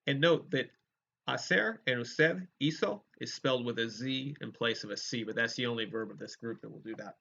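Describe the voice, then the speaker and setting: A man teaching a Spanish grammar lesson, explaining verb forms clearly and modeling each conjugation aloud for students to repeat. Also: mid-range voice, moderate pace, bright, forceful tone. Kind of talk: recorded lecture with choral drills. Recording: dull lo-fi lecture recording.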